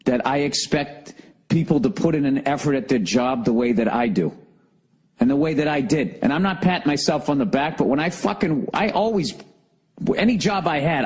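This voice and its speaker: Husky-voiced man ranting profanely. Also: a little high, a little mellow, rough recording. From United States. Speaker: podcast host. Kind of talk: solo comedic rant.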